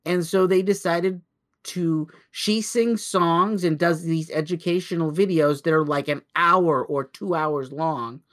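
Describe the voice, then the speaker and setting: A man's voice: fairly high pitch, fairly even intonation, unhurried, a bit bright. A man in his thirties co-hosting a podcast, telling a long story casually with lots of restarts. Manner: rambling storyteller with many restarts and acted-out quotes. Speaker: podcast co-host.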